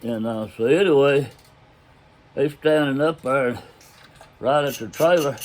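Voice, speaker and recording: Speaking a bit slowly at medium pitch, an older man tells a tale from his own life in a relaxed, folksy drawl. His grammar is loose, and he chuckles as the story unfolds.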